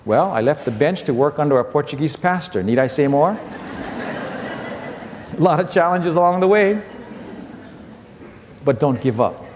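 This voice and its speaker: A man in his fifties preaching a sermon as a pastor, telling stories with animated repetition and acting out his family's voices. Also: fairly high pitch, moderate pace, long pauses, slight background noise. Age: 50s. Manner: animated storytelling, repeats phrases, acts out family voices. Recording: long hall reverb.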